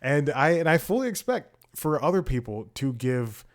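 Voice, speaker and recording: A man's voice: on the high side, sing-song, moderate pace. A young man hosting a comedy podcast, telling a long exasperated story in a rambling casual way, with many restarts and laughs. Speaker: podcast host.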